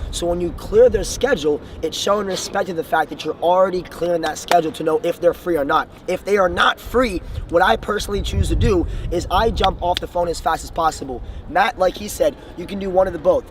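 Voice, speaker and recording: A man's voice: high-pitched, brisk, few pauses. A young man from the Bahamas coaching viewers with earnest, enthusiastic sales advice. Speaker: sales trainer. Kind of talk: motivational coaching talk. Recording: distant mic, faint street noise.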